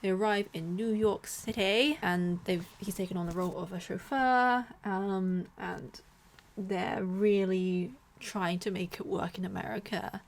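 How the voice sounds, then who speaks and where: A young woman talks casually to camera about her books, chatty and animated. She often drops into whispered asides between livelier bursts. Her voice sits at an ordinary middle pitch. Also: measured pace. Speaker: book vlogger. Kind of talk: casual chat.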